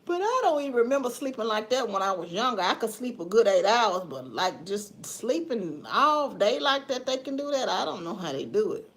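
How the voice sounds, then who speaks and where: A middle-aged livestream host from the Memphis area, USA, chats folksily with her viewers and laughs often during a casual live session. Her voice is on the high side and very animated, moving at a moderate pace with few pauses.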